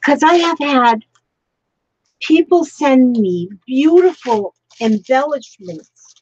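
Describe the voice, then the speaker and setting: A woman's voice: high-pitched, animated, takes it slowly, a little mellow, husky, dull audio. A woman chatting through a casual craft tutorial, emotional and overwhelmed, with frequent breathless exclamations. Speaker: crafting vlogger.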